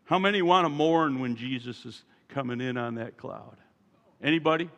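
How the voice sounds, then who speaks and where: A man preaching a sermon as pastor, moving from quiet asides to loud, emphatic calls to his congregation. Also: mid-range voice, moderate pace, in a large hall. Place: church sanctuary.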